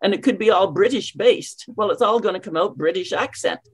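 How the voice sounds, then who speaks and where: A middle-aged woman from Canada coaches in an emphatic way, firing off rhetorical questions. Her voice sits at a middle pitch. She speaks over a video call. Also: expressive, a little fast, breathy edge. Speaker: English coach. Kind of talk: interview answers, teaching.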